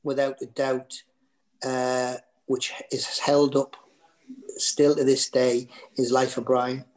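Chatty Geordie comedian telling anecdotes. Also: male voice, mid-range voice, little pitch movement, slow, poor audio. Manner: rambling anecdotes with many fillers and restarts. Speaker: comedian guest. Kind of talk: casual interview storytelling.

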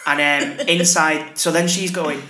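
A man's voice: a little high, unhurried. A young man, hosting a podcast and telling a story in casual, sweary chat. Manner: animated storyteller, swears freely. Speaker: podcast host. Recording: roomy echo.

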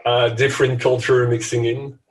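Podcast co-host, Canadian man with Portuguese parents, halting, set back from the mic. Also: mid-range voice, little pitch movement, recorded from a distance. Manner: thoughtful, halting, laughs easily. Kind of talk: casual chat.

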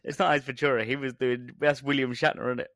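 A man's voice: medium pitch, level tone, quick pace, a bit bright, no room sound. Male podcast co-host, laid-back banter, laughs a lot, dry close sound; casual chat. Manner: jokey, laughs often, drawling asides. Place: home recording space.

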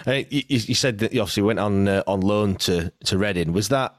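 A man's voice: lowish voice, fairly quick, no echo, studio quality. A man hosting a casual interview, asking questions with hesitant restarts. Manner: hesitant, with many fillers and restarts. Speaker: podcast interviewer.

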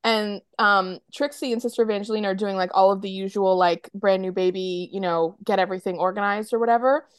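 A woman's voice: mid-range voice, fairly even intonation, a little fast, few pauses, clear, resonant tone, no echo, clean studio sound. A woman co-hosting a podcast, chattily retelling a TV episode with lots of fillers and acted-out quotes. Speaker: podcast co-host. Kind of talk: casual chat recapping a TV episode.

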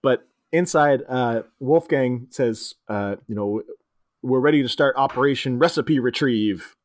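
A man casually recapping a film on a podcast, quoting characters in quick put-on voices. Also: medium pitch. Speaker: podcast co-host. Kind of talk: casual movie recap chat.

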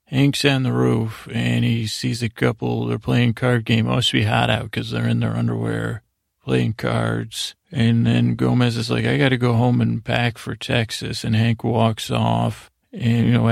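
A man hosting a sleep podcast who recaps a show in a meandering, low-key way, as a bedtime story. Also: gravelly, no echo, clean studio sound. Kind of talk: rambling bedtime episode recap.

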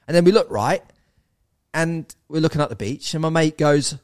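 An English man in his thirties, a podcast guest telling a story in casual chat, animated and swearing, with bro and mate thrown in. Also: fairly high pitch, moderate pace, no room sound, clean studio sound. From England.

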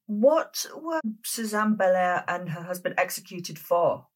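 A woman's voice: fairly low pitch, animated, a little slow. A woman with a Northern English accent hosting a history podcast, asking curious, casual questions. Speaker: podcast host. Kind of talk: conversational interview.

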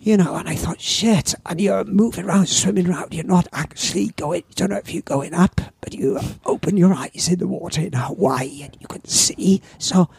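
A former surfing champion who runs a surf shop, this older Welsh man speaks with a high-sitting, gravelly, raspy voice at a moderate pace with few pauses. The recording is dry as he rambles through anecdotes with lively asides in a casual interview.

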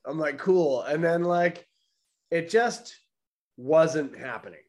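A man's voice: on the high side, slow. A man, a stand-up comedian hosting a podcast, telling a long grumpy story about a bad gig and swearing a lot. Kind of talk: casual podcast chat. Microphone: remote video call.

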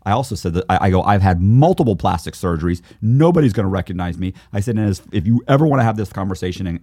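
A man's voice: on the low side, gravelly, darkish tone, slightly rough, no echo, studio quality. A middle-aged man, the guest, telling a story in a podcast interview and acting out both sides of the dialogue. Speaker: guest, author.

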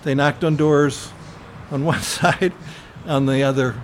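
An older man recalls his past slowly and earnestly, pausing often and filling gaps with small hesitations. His voice sits at an ordinary middle pitch. A faint hiss of noise sits behind it. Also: fairly even intonation. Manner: earnest, reflective storytelling with frequent pauses and fillers. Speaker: interviewee. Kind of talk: oral history interview.

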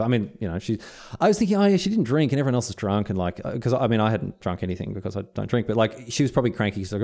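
A man's voice: mid-range voice, very animated, very fast, hardly any pauses, darkish tone. An Australian man co-hosting a podcast, telling a rambling story in casual chat and acting out the dialogue. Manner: rambling, self-interrupting, acts out quoted dialogue. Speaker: podcast co-host.

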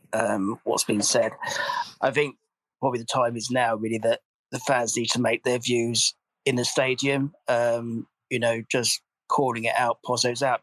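A man's voice: medium pitch, fairly bright tone, no echo, rough recording. A man calling in to a radio phone-in, speaking in a subdued, hesitant way. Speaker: caller. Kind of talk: phone-in call.

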